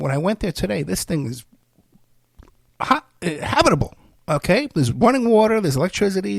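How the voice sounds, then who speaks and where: Sounding tired and unwell, a middle-aged podcast host wanders through a casual, self-deprecating solo monologue. His medium-pitched voice is creaky, and the recording has no room sound.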